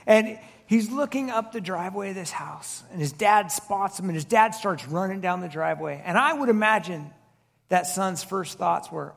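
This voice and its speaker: Male pastor, 30s, high gravelly voice, chatty sermon style with rhetorical questions. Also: expressive, moderate pace, a bit bright. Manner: conversational, with repeated restarts and rhetorical questions.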